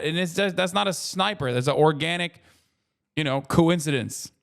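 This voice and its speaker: A man's voice: a little high, fairly quick, fairly bright tone, clean tone. A man in his thirties streaming a casual reaction commentary, rambling and swearing freely with joking asides.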